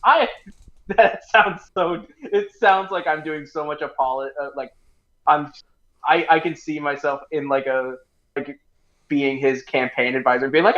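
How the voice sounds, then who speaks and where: A man's voice: on the high side, unhurried, a bit bright, dull audio. A man co-hosting a casual livestream chat, joking and laughing often. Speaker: co-host.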